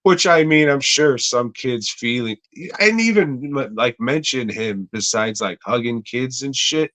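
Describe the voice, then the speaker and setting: A man's voice: medium pitch, expressive, a little slow, a bit bright, dry recording. A man co-hosting a comedy podcast, chatting casually in a rambling, profane way with lots of fillers. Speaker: podcast co-host.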